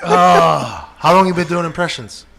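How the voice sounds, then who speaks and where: A man hosting a casual podcast, excitable and quick to react. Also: a little high, gravelly, background noise. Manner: excitable, laughs a lot. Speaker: podcast host.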